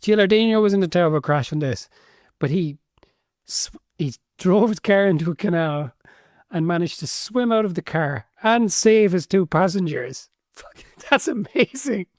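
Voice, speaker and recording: A man's voice: sits high, animated, moderate pace, darkish tone, dry recording, studio quality. A man co-hosting a casual book podcast, often restarting and repeating words as he hedges his points. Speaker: podcast co-host. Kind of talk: casual book-club chat.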